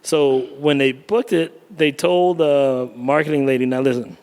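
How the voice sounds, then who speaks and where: A man with a gravelly, creaky edge, pitched a little above the usual for a man. He tells stories with animation and quick laughter in relaxed podcast talk. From Bahamas. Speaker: photographer. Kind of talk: casual podcast chat.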